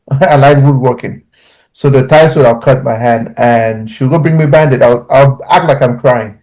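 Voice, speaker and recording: Man, father, podcast panelist, casual talk, animated personal storytelling, mid-range voice. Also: mid-range voice, moderate pace, rough recording.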